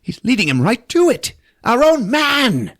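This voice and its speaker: A man voicing a desperate middle-aged army officer who shouts frantically. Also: very high-pitched, huge pitch swings, unhurried, pitched above the performer's own voice, heavily acted. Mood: frantic.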